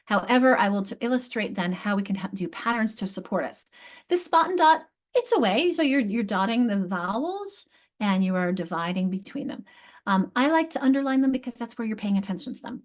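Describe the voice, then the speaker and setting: A middle-aged woman giving a teacher training presentation, explaining literacy steps aloud and often correcting herself. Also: mid-range voice. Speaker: literacy instructor.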